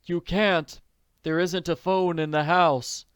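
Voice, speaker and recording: A man's voice: on the high side, fairly even intonation, slow pace, clean tone, dry recording, studio quality, voice pushed up. A man reading an audiobook, voicing an ailing, distressed middle-aged man in a pleading, overwrought manner. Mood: distraught. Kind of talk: audiobook character voice.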